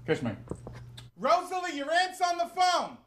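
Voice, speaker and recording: A bossy middle-aged Italian mother, put on by a man in a comedy sketch, nagging and hollering across the house. The voice sits high and leaps all over the place. A faint hum of ambience sits underneath. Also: huge pitch swings, a little slow, a bit bright, exaggerated voice.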